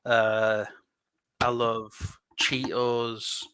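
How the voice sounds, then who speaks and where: Bright-voiced chatty English man. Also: medium pitch, completely flat delivery, clear, resonant tone. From England. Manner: chatty, rambling, quick laughs. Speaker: livestream co-host building LEGO. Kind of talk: casual chat.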